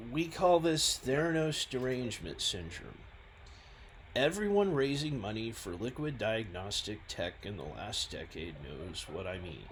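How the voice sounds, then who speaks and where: A man, a scientist and founder, talking through his own website in a halting, self-deprecating way. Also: medium pitch, a little hiss or hum. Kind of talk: reading and commenting on his website.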